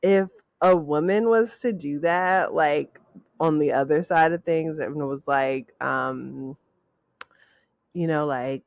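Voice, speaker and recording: A woman's voice: sits low, slow, vocal fry, dry recording. A woman co-hosting a podcast in casual chat, rambling and hesitant, full of fillers and trailing thoughts. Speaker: podcast co-host.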